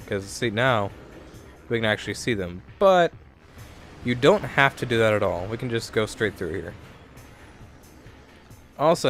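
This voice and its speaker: A man's voice: mid-range voice, fairly bright tone. A young man giving casual let's play commentary into a desk microphone, rambling and correcting himself as he thinks aloud.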